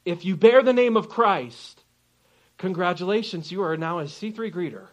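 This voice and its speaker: A man's voice: sits high, normal speed. A man preaching a sermon as pastor, telling a personal story and acting out the people in it. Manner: animated storyteller, acts out quoted people.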